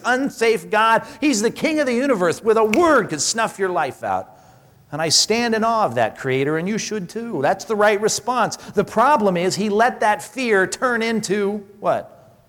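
A male pastor with a somewhat high voice delivers a sermon in an easy, conversational way. He asks the congregation questions and acts out the words of people in the passage. A long reverb trails his voice through the hall. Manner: conversational preaching with rhetorical questions and animated acted-out quotes.

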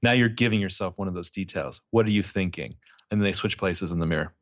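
A man's voice: low voice, fast talker, no echo, lo-fi sound. A man casually recapping a TV episode as a podcast co-host, animatedly acting out the characters' lines with plenty of swearing. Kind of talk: casual chat.

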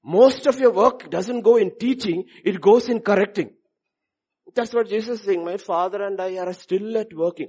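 A man preaching a sermon, moving from low musing asides to loud, animated passages where he acts out the voices of the people he quotes. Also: normal speed, slightly rough. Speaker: pastor.

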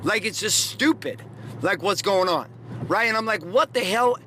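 A man's voice: high voice, normal speed, bright, forceful tone, slight background noise. A middle-aged man hosting a podcast, telling profane, rambling stories in a casual motivational monologue. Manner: profane, rambling, emphatic storytelling. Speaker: podcast host.

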